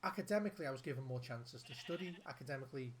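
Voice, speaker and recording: Against a noisy background, a man with an expressive mid-range voice speaks very fast. He's an adult father of a young son and a gaming video host, addressing the camera earnestly and from the heart, repeating his points for emphasis.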